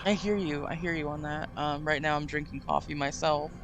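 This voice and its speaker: A woman's voice: low voice, steady tone, brisk, slight background noise. A woman hosting a casual live stream, giggly and effusive. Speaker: streamer host.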